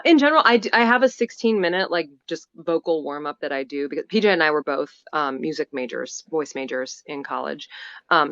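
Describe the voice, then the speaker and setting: A female voice actor chatting about her warm-up routine in an interview, over a video call. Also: deep voice, no room sound, dull audio. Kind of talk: remote interview.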